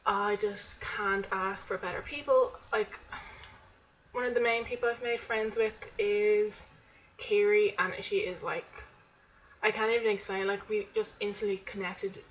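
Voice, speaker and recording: A woman's voice: mid-range voice, fairly even intonation, unhurried, rough recording. Chatty young woman vlogging. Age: young adult. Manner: chatty, rambling, full of "like" fillers. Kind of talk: casual chat to camera. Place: at home.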